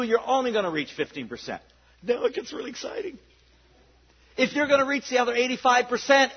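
A man with a high, husky voice preaches with fervor, sliding from near-whispers into ringing declarations. The recording is dull and lo-fi. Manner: impassioned preaching, swinging from hushed to loud. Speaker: pastor. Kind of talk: sermon.

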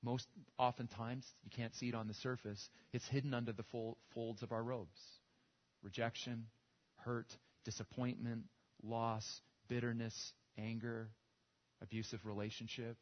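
A man's voice: medium pitch, level tone, a little slow. A man preaching a sermon and telling a story, with small restarts and repetitions. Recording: dull lo-fi recording.

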